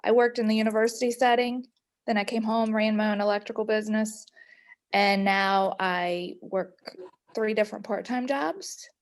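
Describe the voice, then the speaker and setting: A woman's voice: medium pitch, steady tone, normal speed. A woman in her late thirties, talking casually as a workshop participant over a video call and hedging often. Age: 30s. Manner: chatty, hedging with "kinda". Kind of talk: casual sharing.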